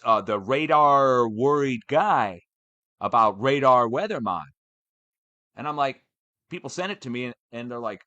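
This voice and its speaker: A man's voice: mid-range voice, no room sound. Ranting man, dry close sound. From United States. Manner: animated, swearing, ranting. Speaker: channel host. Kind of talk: casual ranting update.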